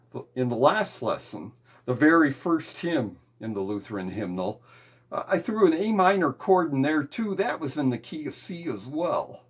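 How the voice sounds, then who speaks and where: A man teaching a guitar lesson on hymn chords, explaining patiently step by step. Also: mid-range voice.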